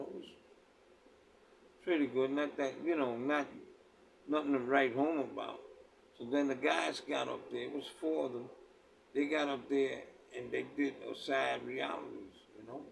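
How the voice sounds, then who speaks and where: A man's voice: mid-range voice, vocal fry, a little hiss or hum. A man tells a story in a laid-back street way, laughing at his own tale and filling his talk with "man" and "you know". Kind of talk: casual spoken storytelling. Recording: voice picked up from a distance.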